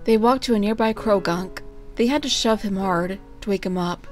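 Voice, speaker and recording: A woman at a middle pitch reads a storybook aloud in a steady, unhurried way. She sounds plain and even, with faint music playing underneath. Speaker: narrator. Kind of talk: fan fiction reading.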